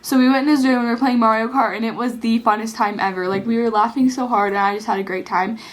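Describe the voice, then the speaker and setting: A woman's voice: a little high, steady tone, fast. Earnest rambling teenage girl. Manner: rambling, earnest, heavy use of "like". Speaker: vlogger. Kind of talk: casual heartfelt advice vlog.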